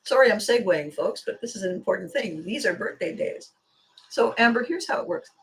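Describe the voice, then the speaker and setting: This podcast host and life coach talks fairly quickly in a medium-pitched voice, with slight background noise and rough recording quality. She gives a motivational monologue on her show, chuckling now and then and acting out the voices of people she quotes.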